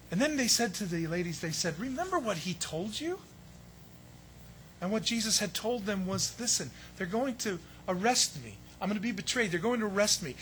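A man preaching a sermon, telling the story in a lively way and acting out the voices of the people in it. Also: sits high, a little hiss or hum. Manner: animated storytelling, acts out voices of biblical figures. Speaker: pastor.

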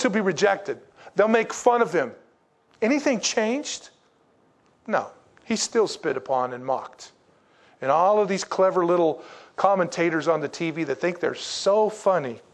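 A man with a high voice preaches a sermon in a loose, joking way. He breaks into humor often, then drops low and quiet to drive a point home. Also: animated, normal speed. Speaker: pastor.

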